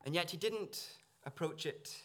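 A man's voice: on the high side, measured pace, sharp tone. A man preaching a sermon in earnest, searching tones, with small restarts as he works through a passage. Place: church.

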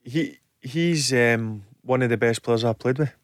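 A Scottish man, a former footballer, talking casually as a radio pundit, animated and often repeating his first words. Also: mid-range voice, measured pace, dry recording, clean studio sound.

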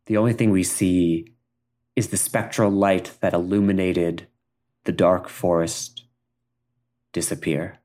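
Low voiced guy telling a spooky story, slow and careful. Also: fairly even intonation, a little mellow. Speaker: co-narrator of a story podcast. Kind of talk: improvised storytelling.

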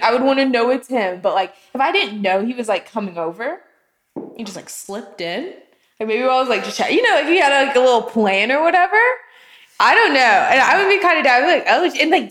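A woman in casual, explicit chat, talking in an animated way, swearing and laughing often. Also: a little high. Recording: echoey room.

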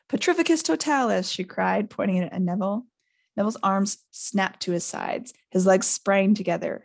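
A podcast host, a woman, reading a novel aloud in a casual, unpolished way. Her voice has a gravelly fry, and she jumps up in pitch whenever she voices a character's lines. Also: dry recording, studio quality. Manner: reads with lively character voices, pitching up for quoted speech.

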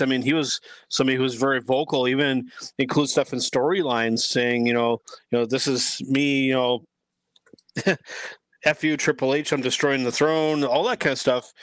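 A man's voice: mid-range voice, a bit bright, no echo. A man giving his views as a guest in a casual podcast chat, rambling with many restarts. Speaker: guest commentator.

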